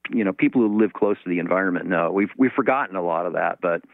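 A man in his sixties talks through a guest interview in an unhurried, reflective way, circling back and restarting his thoughts. His voice sits fairly low. It comes through a narrow, phone-like line with a dry, close sound. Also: creaky, no echo. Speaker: guest, sailor. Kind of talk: casual interview talk.

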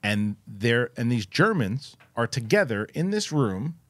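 This man's medium-pitched voice is very animated yet measured in pace, a bit bright, with no room sound. Co-hosting a podcast, he chats loosely about a film, restarting frequently and swearing at times.

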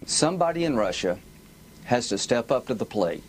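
A man's voice: mid-range voice, sing-song, normal speed, slight background noise. Emphatic man asking rhetorical questions. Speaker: politician in an interview.

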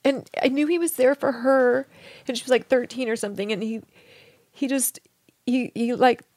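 A woman in an interview, telling a deeply personal story in a tender, hushed way that often sinks to a soft whisper. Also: fairly even intonation, moderate pace, no room sound. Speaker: interview guest.

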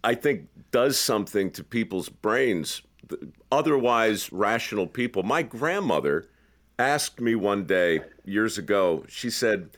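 A man's voice: lowish voice, very animated, unhurried, a bit bright. A man hosting a casual conversation, telling reflective stories with wry asides. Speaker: podcast host.

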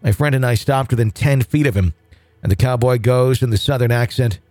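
A male podcast host reads a listener's ghost story aloud at a middle pitch. His delivery is even and conversational, with a few small slips. The recording is dry and close, with no room sound. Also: a little fast, no echo.

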